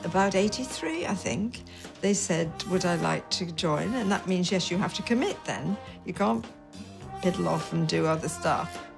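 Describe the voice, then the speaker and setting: A woman's voice: fairly low pitch, normal speed, vocal fry, over music. An older English actress talking about her career in a chatty, self-mocking way, laughing easily. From England. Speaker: interviewed actress. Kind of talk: reminiscing interview.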